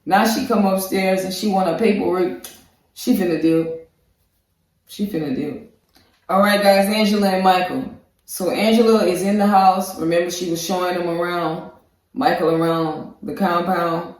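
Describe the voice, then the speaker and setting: A man's voice: high voice, moderate pace. A man recapping a reality episode in loose, slangy speech, jumping into the people's voices as he tells it. He sits back from the mic in a room that rings with heavy echo. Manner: slangy, animated, acts out quotes from the show. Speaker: reaction show co-host. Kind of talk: casual recap and commentary. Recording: very echoey room, voice far from the mic.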